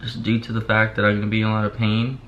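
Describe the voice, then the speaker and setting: In this dull lo-fi clip with a faint hiss, a young man talks casually to the camera while groggy from pain medication. He barely opens his mouth, rambles, and keeps repeating himself and saying "like." His pitch is fairly low, his delivery monotone, and he talks fast.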